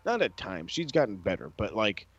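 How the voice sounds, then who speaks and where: A man rants animatedly and profanely about wrestling in a casual podcast chat. His voice sits a little low, and the recording is dry and somewhat dull and lo-fi. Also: big pitch swings, normal speed, fairly bright tone, slightly rough, no echo.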